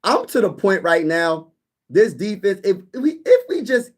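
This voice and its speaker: A young man hosting a casual sports live stream, reading viewer comments and bantering back with lively energy. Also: high voice, measured pace. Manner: animated, reads chat comments aloud and banters. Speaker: sports YouTube host.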